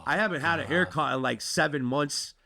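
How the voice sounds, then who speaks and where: A man's voice: fairly high pitch, brisk, creaky, pushed and bright. A man co-hosting a podcast, telling a story in casual chat, acting out the people in it and swearing freely. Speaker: podcast co-host.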